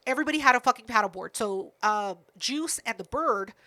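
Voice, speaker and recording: A woman's voice: fairly high pitch, expressive, a little fast, pushed and bright. A woman co-hosting a podcast, telling a family story in casual, profane chat. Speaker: podcast co-host.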